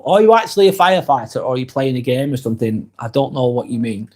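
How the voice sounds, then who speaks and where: A British man hosting a live stream, reading viewer comments aloud and answering them in a soft, sympathetic way with light laughs. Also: mid-range voice, quick pace, hardly any pauses.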